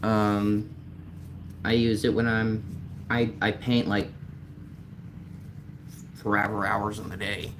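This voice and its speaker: Man, unhurried speech, casual rambling live-stream chat, painting artist, faint noise in the background. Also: on the low side, flat delivery. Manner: rambling and easygoing, many fillers, answers viewers' chat. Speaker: artist livestreamer. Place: outdoors on a warm day.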